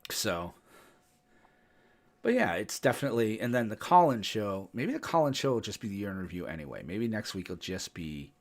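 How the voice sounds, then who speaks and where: Lively-voiced man telling rambling stories. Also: on the low side, normal speed. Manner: rambling storyteller, laughs often. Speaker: podcast co-host. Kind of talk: casual chat.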